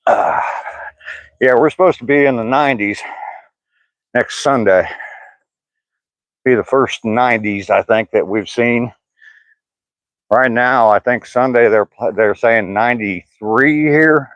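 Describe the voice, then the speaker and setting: A man's voice: medium pitch, measured pace, pauses often, fairly bright tone, dry recording. An older man chatting casually with live chat viewers by name on an outdoor walk, mentioning his sore hip. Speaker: vlogger reading live chat.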